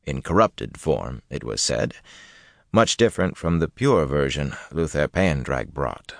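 A man narrating a fantasy novel as an audiobook, reading in a steady, even manner. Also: very deep voice, measured pace, creaky, no room sound, clean studio sound. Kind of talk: scripted narration.

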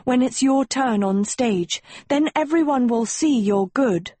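A woman's voice: on the high side, unhurried, mellow, dry recording, voice pushed up. A woman doing a pleading teenage heroine. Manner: pleading and urgent. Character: desperate, earnest teenage heroine. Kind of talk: audiobook character reading.

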